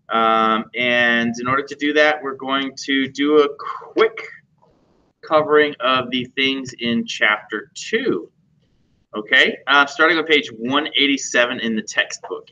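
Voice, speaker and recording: A man's voice: medium pitch, sharp tone. Joking man teaching a computer class. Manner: joking and chatty, asks the class questions. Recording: dull lo-fi classroom recording.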